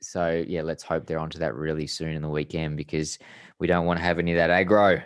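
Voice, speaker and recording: Australian male co-host, low voice, wry and self-deprecating racing talk. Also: level tone, fast, dry recording. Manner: self-mocking, groaning reactions. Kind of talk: casual chat.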